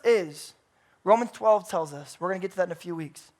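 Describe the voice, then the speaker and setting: A man's voice: high voice, brisk. Impassioned man preaching a sermon. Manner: swings between hushed, intimate passages and loud, emphatic climaxes. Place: church.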